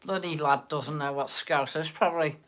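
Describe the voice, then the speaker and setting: A man's voice: on the high side, steady tone, moderate pace, fairly bright tone, a little hiss or hum. A man with a Liverpool accent hosting a live stream, chatting and bantering casually with viewers in the chat. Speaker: livestream host.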